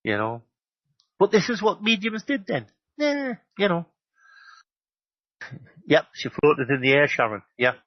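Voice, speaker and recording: A husky-voiced English man spins a lively anecdote as a medium at a talk, peppering it with "you know". His voice is dry and close, and the recording sounds dull and lo-fi. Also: mid-range voice, dry recording. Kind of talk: storytelling at a live talk.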